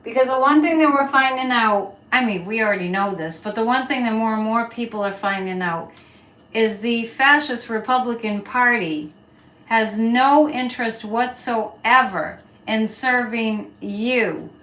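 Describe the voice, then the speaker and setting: Slow-talking bright-voiced woman host. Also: a little high, distant mic. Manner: chatty, rambling, opinionated, reads viewer comments. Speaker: psychic livestream host. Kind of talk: casual live-stream chat. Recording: echoey room, voice a bit off-mic.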